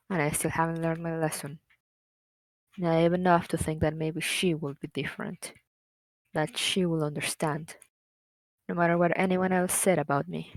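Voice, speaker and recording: A woman voicing a despairing young man who hates himself, reading game dialogue aloud in a slow, brooding way. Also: fairly low pitch, a little mellow, no echo, lightly acted, low-quality recording. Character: despairing young man, bitter and self-hating. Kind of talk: reading visual novel lines aloud.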